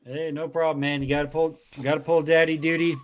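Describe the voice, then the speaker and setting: A man hosting a casual online stream, tipsy and joking around with deadpan teasing. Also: on the high side, quick pace. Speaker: stream host. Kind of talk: casual crude banter.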